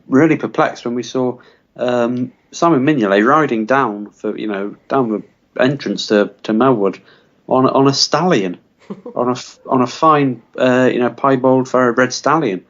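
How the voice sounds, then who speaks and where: A man co-hosting a podcast spins an absurd tale in a rambling, deadpan way. His voice sits at an ordinary middle pitch and is full of fillers. The recording sounds dull and lo-fi. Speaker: podcast co-host. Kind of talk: deadpan comic storytelling.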